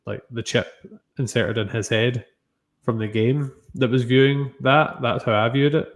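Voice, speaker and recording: A man's voice: mid-range voice, fairly even intonation. A man co-hosting a chat about a TV episode, offering careful, hedged readings. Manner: measured, analytical, hedging. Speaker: podcast co-host reviewing TV. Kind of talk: casual chat.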